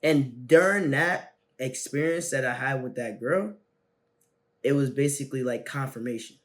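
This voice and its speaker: A young man hosting a self-help video, telling a personal story in slangy, animated casual talk that swings between loud bursts and quiet asides. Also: mid-range voice, normal speed.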